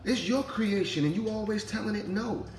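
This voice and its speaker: Man, animated, preachy, fairly high voice, roomy echo. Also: normal speed, faint music behind. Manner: animated, preachy, laughs while talking, acts out voices. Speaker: spiritual vlogger, father. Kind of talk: casual spiritual monologue.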